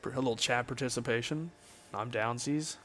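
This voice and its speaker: A man's voice: mid-range voice, fairly quick, fairly bright tone, slight background noise. Chatty young man streaming a game. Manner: chatty, jokey, reads chat aloud. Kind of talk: casual livestream chat while gaming.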